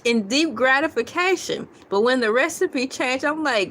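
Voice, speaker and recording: A woman's voice: high-pitched, lively intonation, normal speed, few pauses, fairly bright tone. A woman hosting a casual livestream, chatty and playful, laughing often and reading viewer comments aloud. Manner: giggly and playful, laughing often between lines. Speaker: livestream host.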